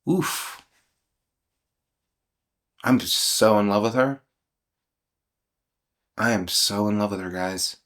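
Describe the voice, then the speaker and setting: Speaking unhurriedly with long pauses and a fairly low pitch, this channel host in his fifties poses questions to himself and answers them aloud in reflective self-inquiry. He's earnest, emotional, open and vulnerable, occasionally breaking into soft laughs.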